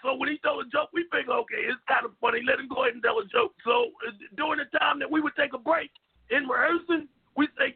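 Older male co-host, brash tall-tale teller, high gravelly voice over a tinny phone-like line. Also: quick pace. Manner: brash, boastful tall-tale storytelling with profanity. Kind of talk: boisterous casual chat. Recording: phone-like call audio.

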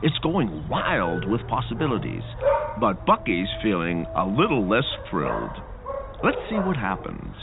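A man's voice: lowish voice, wildly swooping pitch, unhurried, creaky, voice pushed down, exaggerated voice. A man narrating a children's story in an announcer-like way, addressing the kids. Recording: lo-fi phone-like with music behind.

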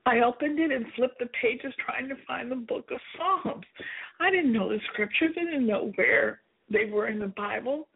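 A woman's voice: fairly high pitch, normal speed, vocal fry, slightly rough. A woman earnestly reading aloud from her own memoir, telling it with emotion. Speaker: author reading her book. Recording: tinny phone-like sound.

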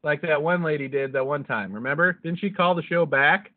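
Talking a little fast in a slightly high voice, a podcast co-host tells a meandering story during a casual chat. Constant swearing and laughter at his own jokes fill his delivery. The recording has lo-fi, phone-like audio.

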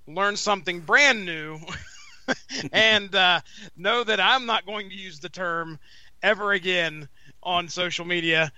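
A man's voice: high-pitched, measured pace, bright, forceful tone, no room sound. A man co-hosting a podcast, telling a rambling story in casual chat and swearing freely. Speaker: podcast co-host.

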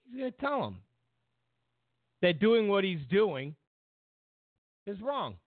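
A man's voice: sits high, big pitch swings, takes it slowly, dry recording. A man hosting a political commentary show, rambling with many fillers and restarts and mimicking others mockingly. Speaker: show host. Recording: dry tinny phone-like sound.

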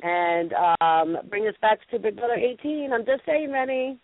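A woman hosting a call-in radio show, chatting casually in an excitable, gushing way. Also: a little high, dry recording. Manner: excitable and gushing, quick laughs. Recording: tinny phone-quality line with faint hiss.

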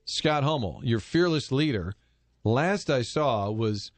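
A man's voice: medium pitch, lively intonation, takes it slowly, no echo. A man hosting a sports radio show, joking with his co-hosts and plugging sponsors in a breezy way. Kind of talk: sports radio banter and live reads.

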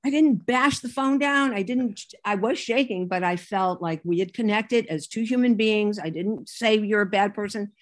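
A woman's voice: mid-range voice, normal speed, few pauses. An older woman, an author and writing teacher, telling a funny story as an interview guest, acting out the voices and laughing often. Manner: lively raconteur, acts out quotes, laughs often.

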